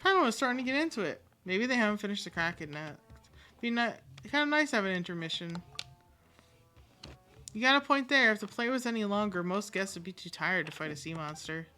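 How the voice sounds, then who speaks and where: A woman's voice: medium pitch, lively intonation, brisk, sharp tone, soft background music. A woman streamer reading game dialogue aloud, playfully switching voices and accents for each part. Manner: reads every part aloud, switching voices and accents, sometimes with pirate flourishes.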